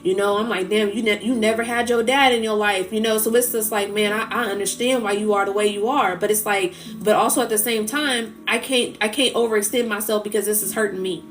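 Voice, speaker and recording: Talking briskly with few pauses, a woman hosting a spiritual livestream keeps a medium pitch and fairly even intonation. Her emotional, casual talk wanders and is packed with fillers, and she gets tearful speaking of healing.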